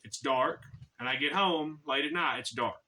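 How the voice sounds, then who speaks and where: A man's voice: mid-range voice, moderate pace, bright, forceful tone, distant mic. Chatty man telling a story from afar. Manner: chatty and slangy, full of dude and bro. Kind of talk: casual storytelling.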